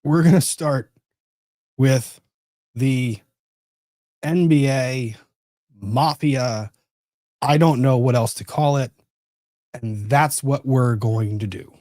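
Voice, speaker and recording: Guy hosting a chatty legal livestream, keeps getting sidetracked, mellow voice, dry sound. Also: medium pitch, slow, pauses often, no room sound. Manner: rambling, easily distracted, self-interrupting. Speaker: livestream host. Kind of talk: casual legal commentary livestream.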